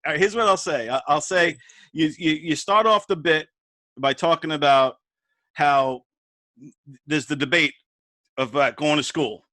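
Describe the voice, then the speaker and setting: Male comedy host, casual and halting, a bit high-voiced, dry sound. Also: pushed and bright, no room sound. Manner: halting, restarts often, laughs easily. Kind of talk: casual chat.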